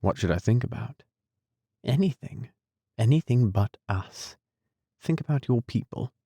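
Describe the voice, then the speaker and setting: A man voicing a tender, devoted young nurse in an audiobook, soft and coaxing. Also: medium pitch, animated, a little slow, gravelly, breathy edge, no room sound, studio quality, full character voice. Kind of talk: audiobook character reading.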